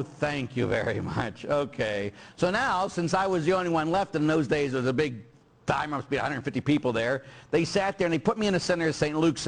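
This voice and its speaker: Lively storytelling priest, man. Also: fairly high pitch. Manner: animated storyteller, acts out quoted people and sound effects, keeps tagging "huh?". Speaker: Catholic priest. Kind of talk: storytelling homily.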